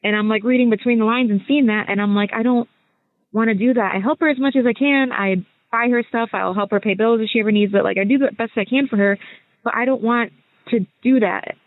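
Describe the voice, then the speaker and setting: A woman's voice: fairly high pitch, quick pace, no echo. A woman in her twenties leaves a casual, rambling voice message for a podcast, hesitating and correcting herself as she goes. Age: 20s. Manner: rambling, hesitant, self-interrupting. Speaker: listener caller sending a voice message. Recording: thin phone-line sound.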